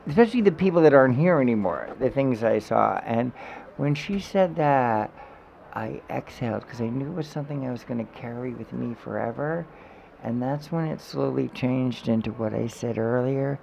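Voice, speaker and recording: A man telling an emotional personal story in a podcast chat, animated and swearing freely. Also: medium pitch, normal speed, vocal fry. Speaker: guest. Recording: dull, slightly noisy podcast audio.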